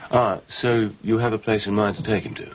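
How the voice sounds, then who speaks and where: A man playing a smooth-talking, scheming businessman who persuades people gently in a TV soap drama. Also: lowish voice, steady tone, brisk, natural voice.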